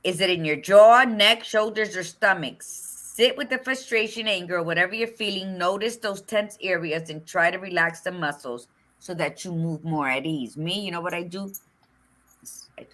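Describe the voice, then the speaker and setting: A middle-aged woman co-hosting a casual talk show, chatting in an expressive, frank and folksy way, with Spanish words mixed in. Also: on the low side, normal speed. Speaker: podcast co-host. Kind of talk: casual chat.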